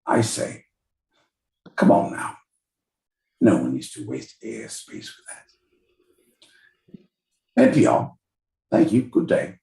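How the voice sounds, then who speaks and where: A haughty posh British gentleman sniffs in a put-on British accent, as a man plays him. His pitch swoops up high and dives low, and the sound rings in a roomy space. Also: huge pitch swings, slow pace, long pauses, full character voice. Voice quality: pompous, plummy, breathy asides.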